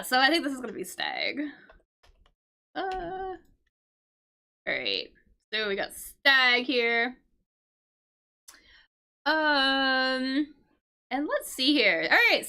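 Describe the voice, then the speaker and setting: A woman's voice: on the high side, sharp tone, a little hiss or hum. A woman teaching English vocabulary through a crossword, explaining patiently with fillers and check-in questions. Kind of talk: casual livestream lesson solving a crossword.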